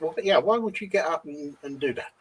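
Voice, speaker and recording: A man's voice: fairly high pitch, animated, quick pace, breathy edge, low-quality recording. A man joining a live stream over his webcam, trading playful teasing banter with his co-host. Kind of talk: casual live-stream chat. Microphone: webcam on a video call.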